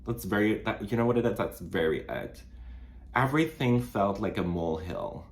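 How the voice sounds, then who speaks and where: A man's voice: expressive, moderate pace. A young man with a French Canadian accent, chatting casually to camera while doing makeup, rambling with lots of fillers and restarts. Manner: rambling, many fillers and restarts, sudden jumps up in pitch. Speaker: vlogger. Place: small studio apartment.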